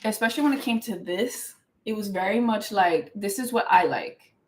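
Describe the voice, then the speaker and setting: Animated young woman venting. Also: medium pitch, poor audio. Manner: emphatic and animated, talks fast, many "like" fillers. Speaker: show host. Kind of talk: casual venting monologue.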